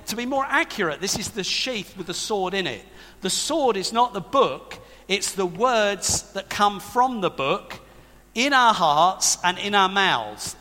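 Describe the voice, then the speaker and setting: A man's voice: high voice, bright, forceful tone. A man preaching a sermon to a congregation, emphatic and conversational, with asides to the people in front of him. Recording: long reverb of a large hall.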